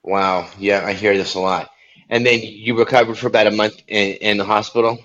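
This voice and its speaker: A man's voice: on the low side, steady tone, a little fast, a bit bright. A man hosting an online talk show, earnest and encouraging as he interviews a guest. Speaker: show host. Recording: muffled lo-fi sound with faint background noise.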